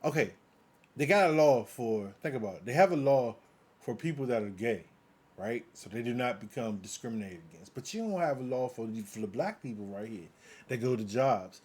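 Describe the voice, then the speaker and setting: A man's voice: mid-range voice, expressive, fairly quick, a little mellow, husky. A man from the United States giving heated political commentary in a live audio chat room, emphatic and repetitive, posing rhetorical questions. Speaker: guest commentator.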